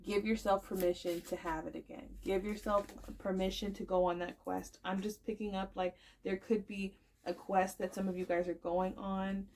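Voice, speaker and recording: A woman's voice: mid-range voice, flat delivery, normal speed, hardly any pauses, a little mellow, a little hiss or hum. A woman giving a casual tarot card reading to her viewers, chatty and emphatic, emotional and encouraging, full of filler words. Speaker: tarot reader.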